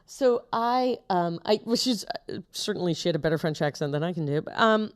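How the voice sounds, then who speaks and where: A woman's voice: fairly low pitch, lively intonation, brisk. A young woman co-hosting a podcast in casual chat, rambling and losing her train of thought. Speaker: podcast co-host.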